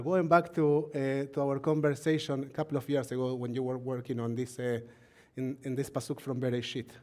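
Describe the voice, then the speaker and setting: A man leading a live-streamed Shabbat service, his voice sitting a little high. He teaches in a loose, talkative way, often laughing and asking the crew and congregation for attention. When he reads scripture, he slows down and lands on each phrase. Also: darkish tone. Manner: reads scripture slowly and deliberately.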